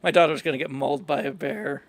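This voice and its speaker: High-voiced man reading game dialogue. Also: fast talker. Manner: playful, reads every character's lines in his own voice. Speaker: gamer reading dialogue aloud. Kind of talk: casual game playthrough commentary.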